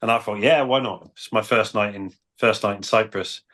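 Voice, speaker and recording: A British dating coach tells cheeky stories in a matter-of-fact way during casual storytelling on a panel. His lowish voice is steady and a bit bright, at a normal speed.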